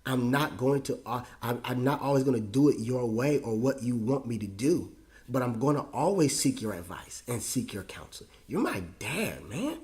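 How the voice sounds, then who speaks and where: A man in his forties, a pastor hosting his own show, telling a personal story with feeling and frequent repetitions, his voice jumping high when moved. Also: normal speed, a little mellow. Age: 40s. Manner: emotional, repeats himself, voice rises high when moved.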